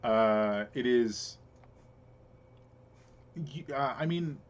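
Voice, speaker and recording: A man's voice: mid-range voice, expressive, very slow, lo-fi sound. A man narrating as game master for a tabletop game, rambling with many fillers and restarts.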